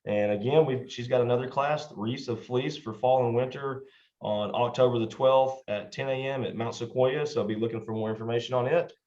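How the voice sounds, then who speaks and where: A man's voice: medium pitch, fairly even intonation, a little fast, a little mellow. A man in his thirties hosting an interview, friendly and hesitant with fillers. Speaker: interview host. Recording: dull echoey room sound.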